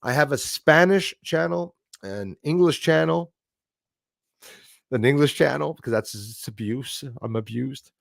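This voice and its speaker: Here's a gravelly, mid-range male voice, unhurried in delivery, belonging to a middle-aged Canadian live-stream host. He chats loosely and rambles through viewer comments he reads aloud, laughing a lot. The sound is studio-clean, free of echo.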